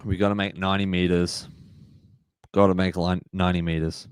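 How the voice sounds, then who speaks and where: A man hosting a live match-reaction stream, excitable and emotional, shouting at big plays. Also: low voice, fairly quick, clear, resonant tone, dry recording, clean studio sound.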